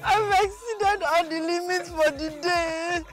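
A woman's voice: extremely high pitch, steady tone, slow pace. An actress playing a frightened young woman, pleading and tearful over film music. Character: frightened young woman under a rich man's control.

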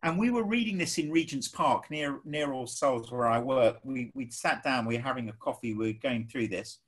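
A man with an English accent preaching a sermon, emphatic and animated, acting out the people he quotes. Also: medium pitch, moderate pace, breathy edge.

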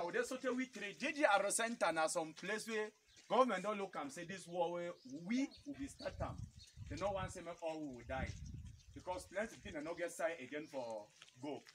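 A man with a Cameroonian Pidgin English accent, addressing a crowd in an animated way and appealing to it directly. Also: high voice. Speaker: public speaker. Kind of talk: outdoor public address.

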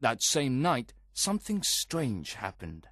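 A man giving an expressive, scripted first-person narration of a story. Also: mid-range voice, takes it slowly, dry recording, clean studio sound. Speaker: audiobook reader.

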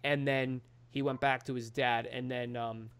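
A man in casual podcast chat, recapping an episode with lots of energy. His voice sits at a middle pitch, and he jumps into quoted dialogue as he retells the scenes. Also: unhurried, clear, resonant tone. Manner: animated, acts out characters' lines in quotes.

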